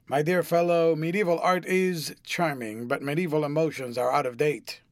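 A man voicing a witty, cynical aristocratic gentleman who drawls out airy, amused epigrams in an audiobook reading. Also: a little high, steady tone, moderate pace, dry recording, clean studio sound, lightly acted. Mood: drawling.

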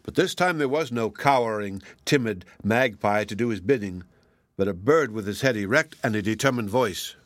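A man narrating a fairy tale in a measured, plain storytelling voice. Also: fairly low pitch, fairly bright tone, no room sound.

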